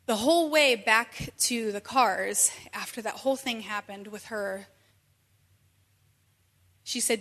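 High-voiced woman telling a story in a hall. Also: slow, pauses often. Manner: animated, conversational, full of asides. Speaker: speaker sharing a personal testimony. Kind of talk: emotional personal storytelling. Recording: long reverb from a hall.

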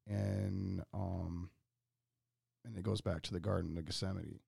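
A man with a low, gravelly voice speaks as a guest on a casual podcast. He talks earnestly and carefully, pausing often with ums. The recording is dry and close. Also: little pitch movement, mellow, dry recording.

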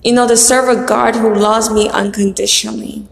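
A woman's voice: mid-range voice, steady tone, moderate pace, gravelly. A young woman giving an earnest, fervent faith testimony as a single church member, repeating her phrases for emphasis. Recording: echoey hall with long reverb.

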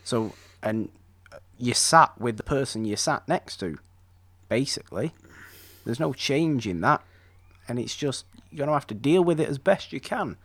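A man's voice: medium pitch, lively intonation, moderate pace, fairly bright tone. A man in casual conversation about a classic film, enthusiastic and rambling, often restarting his sentences.

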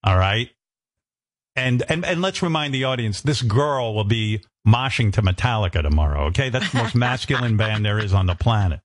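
A man hosts a radio show, teasing himself in animated banter. His voice sits low but swings widely in pitch. The studio sound is dry and close. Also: moderate pace, no echo. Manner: self-mocking, mock-defensive, animated.

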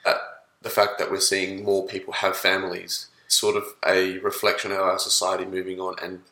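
A man in his thirties talks in a deep, gravelly voice with a bright edge. He rambles thoughtfully, often restarting his sentences. The room around him is echoey. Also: monotone, moderate pace. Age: 30s. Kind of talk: casual chat.

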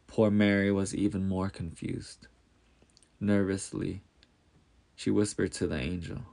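A man narrating a storybook tale in a steady, measured reading. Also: sits low, creaky.

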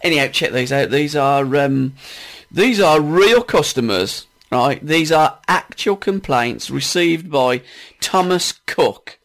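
A man's voice: fairly high pitch, takes it slowly. A man co-hosting a comedy podcast, telling stories in casual banter and laughing often. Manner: giggly, animated storyteller.

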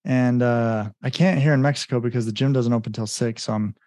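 A man's voice: mid-range voice, steady tone, fairly quick, a little mellow, dry recording, studio quality. A man talking as a podcast guest, telling a personal story in an earnest, casual way, with many "like" fillers and acted-out bits of remembered dialogue.

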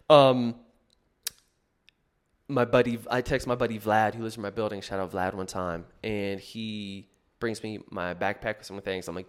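A man's voice: on the low side, steady tone, fairly quick. A man telling a personal story in a casual, rambling way, full of fillers and restarts. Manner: rambling, filler-heavy, self-correcting.

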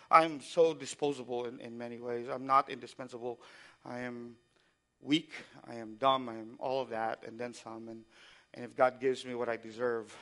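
A man preaching a sermon, moving between quiet, reflective passages and loud, impassioned exhortation, often asking the congregation to respond. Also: mid-range voice. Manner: asks the congregation for call-and-response. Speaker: pastor.

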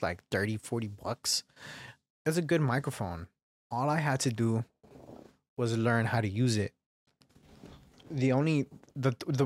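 A man's voice: mid-range voice, no room sound. A young man hosting a solo podcast, swearing constantly as he rambles casually into his microphone. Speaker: podcast host. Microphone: studio microphone, varying distance.

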